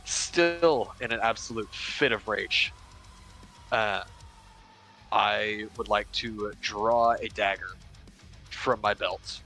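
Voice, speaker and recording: A man taking his turn in a tabletop game and stating his character's actions slowly. His voice is low in pitch but bright. Faint music plays behind him. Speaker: player.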